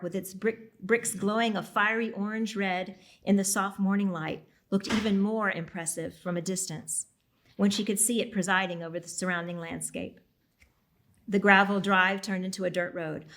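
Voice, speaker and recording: Woman, author, reading her novel aloud, steady, occasional slips, library talk. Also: medium pitch. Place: public library event.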